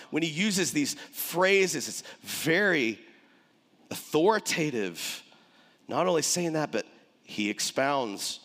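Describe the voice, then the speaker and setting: A man preaching a sermon as pastor, animated and conversational, with dramatic pauses. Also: fairly high pitch, big-room sound.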